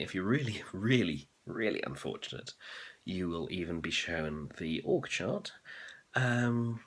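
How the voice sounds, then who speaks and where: Husky low-voiced man musing on his course. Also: expressive, a little slow, fairly bright tone. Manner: thoughtful, with frequent ums and uhs. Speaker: MBA student vlogger. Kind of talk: casual reflective monologue.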